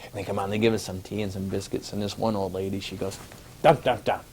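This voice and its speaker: A man tells a personal travel story in a lively, animated way. He acts out the scenes as he goes and laughs at his own misadventures. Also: deep voice, rapid-fire, a little hiss or hum.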